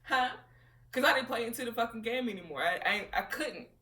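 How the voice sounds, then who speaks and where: A woman's voice: fairly high pitch, lively intonation, quick pace, bright, forceful tone. A woman vlogging from home, talking candidly and profanely with frequent laughter while she reflects. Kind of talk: casual personal monologue. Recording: roomy echo, distant from mic.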